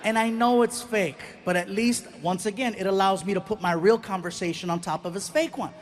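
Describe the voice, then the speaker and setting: Very high-voiced comedian on stage. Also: male voice, a little fast. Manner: animated, punchy, acts out characters. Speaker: stand-up comedian. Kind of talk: stand-up comedy storytelling. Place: stage before a live audience.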